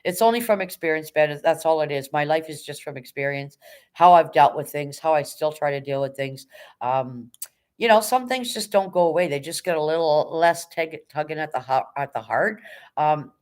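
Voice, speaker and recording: A woman hosting a casual livestream, reading chat and cheering viewers on in a hyped, rapid auctioneer-like patter, swearing now and then. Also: low-pitched, darkish tone. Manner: chatty, encouraging, swears casually. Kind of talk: casual live-stream chat.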